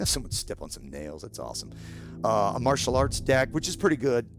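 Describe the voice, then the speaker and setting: Gravelly man with a sore throat. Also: medium pitch, very animated, fairly quick, faint music behind. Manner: blunt, swears casually, explains step by step. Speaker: gaming YouTuber. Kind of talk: casual gameplay walkthrough.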